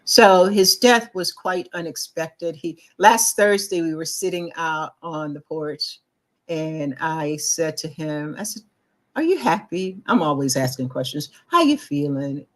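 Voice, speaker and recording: A middle-aged woman with a low voice, speaking at a measured pace, relates a personal story as a talk show co-host. Her telling is animated, with acted-out quotes and frequent restarts.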